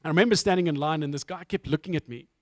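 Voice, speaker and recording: A man's voice: fairly high pitch, rapid-fire, no echo. A middle-aged man from South Africa with a South African accent, giving a candid, self-mocking testimony talk as a guest speaker.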